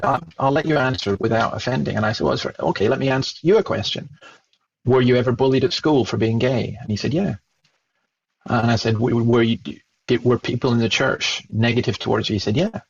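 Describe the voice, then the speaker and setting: A man with a Scottish accent, a guest telling a lively story and acting out the dialogue he remembers. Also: mid-range voice, slightly rough, lo-fi sound. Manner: animated, acts out remembered dialogue. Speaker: Christian speaker and guest. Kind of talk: storytelling in conversation.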